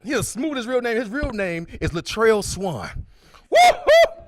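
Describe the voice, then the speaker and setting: A man in his forties doing a stand-up comedy set on a club stage into a handheld mic, with loud, high-pitched impressions of his friends. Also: animated, moderate pace, no room sound. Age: 40s.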